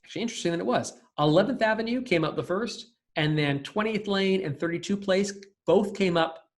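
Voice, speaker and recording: Man, recorded coding lecture, slightly high voice, casual, thinking aloud. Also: fairly quick.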